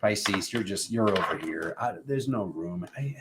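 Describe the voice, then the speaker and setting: A man with a low voice and lively intonation gives a casual tarot reading to the camera at a measured pace, with heavy noise behind him. He rambles playfully, tosses asides to people off camera, and calls on cosmic forces in an incantatory tone.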